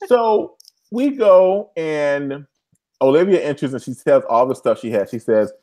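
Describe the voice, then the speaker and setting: Male co-host, lively pitch, playful and laugh-prone, casual chat. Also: a little slow. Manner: animated, joking, breaks into laughter. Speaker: podcast co-host.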